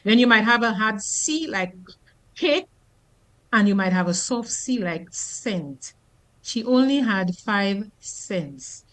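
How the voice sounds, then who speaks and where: A woman's voice: mid-range voice, expressive, slow pace. A woman from Dominica, a linguist guest explaining pronunciation on a radio call-in show. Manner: explanatory, gives spoken examples. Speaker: linguist guest and former teacher.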